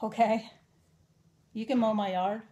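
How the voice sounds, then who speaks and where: A woman's voice: a little high, fairly even intonation, measured pace, warm tone, muffled recording. Earnest woman sharing her testimony. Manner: earnest, emotional storytelling. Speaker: testimony speaker. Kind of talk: personal testimony.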